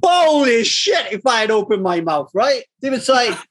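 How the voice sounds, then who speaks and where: A man's voice: sits high, brisk. Swearing Mancunian man telling stories. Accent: Northern English, Manchester. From Manchester, England. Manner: blunt, swearing freely, lively storyteller. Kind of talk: casual chat, storytelling.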